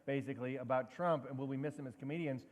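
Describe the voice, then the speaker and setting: A man's voice: medium pitch, fast, a little mellow. A man co-hosting a comedy show, dry and wry in casual banter, reading out audience questions. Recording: long hall reverb.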